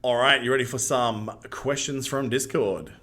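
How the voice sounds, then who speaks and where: A man with an Australian accent co-hosting a casual gaming podcast, chatty and quick to laugh, with lots of slang. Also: mid-range voice, sharp tone. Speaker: podcast co-host.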